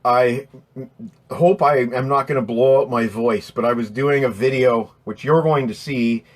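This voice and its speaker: A man's voice: medium pitch, steady tone, unhurried. A man hosting a casual live stream, rambling and swearing as he reads out chat names, his throat strained from voiceover work.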